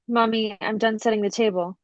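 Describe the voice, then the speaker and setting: A woman's voice: on the high side, fairly even intonation, measured pace, no echo, dull audio, close to an everyday voice. A woman playing an earnest teenage daughter.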